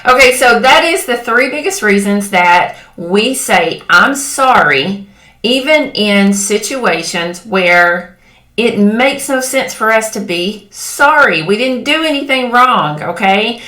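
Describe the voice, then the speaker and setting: A woman gives a motivational talk to women in a bright, forceful voice. She talks directly and keeps checking that her listeners are with her. Her voice rings around a room with a lot of echo. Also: a little high, animated, slow. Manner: direct and coaxing, checks in with "okay?" and "right?". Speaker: women's empowerment coach. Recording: echoey room.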